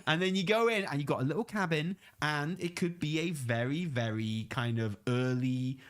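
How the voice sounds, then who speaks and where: A man co-hosting a casual podcast, talking animatedly and mocking fans' excited theories. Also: on the high side, normal speed. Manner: animated, mock-exaggerated community voices. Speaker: podcast co-host. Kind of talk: casual chat.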